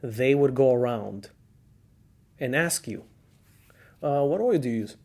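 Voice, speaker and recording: A man's voice: mid-range voice, measured pace. A middle-aged man with a Cuban accent hosting a casual podcast, telling old car-scene stories with lots of laughter and acted-out quotes. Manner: animated storyteller, laughs often, acts out quotes. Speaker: podcast host.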